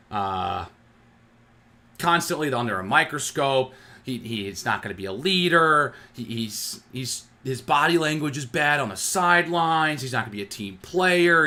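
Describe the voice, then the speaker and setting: A medium-pitched man with a bright, forceful voice runs a sports fan channel and rants with sarcasm and heat. He keeps stumbling over words and restarting.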